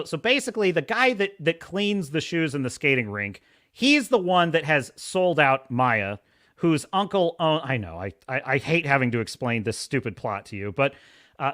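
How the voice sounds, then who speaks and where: Male podcast host, casual commentary, high-pitched with a bright edge, sarcastic and exasperated. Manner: acts out quoted dialogue in put-on voices. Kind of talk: casual commentary recapping a show.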